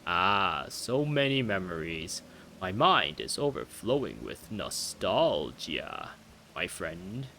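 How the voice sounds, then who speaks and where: A man voicing a giant, fatherly old fish king in a put-on British accent, reading game dialogue slowly and formally. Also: sits low, very animated, bright, forceful tone, slight background noise, heavily acted, low-quality recording. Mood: solemn. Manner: slow, stately and formal.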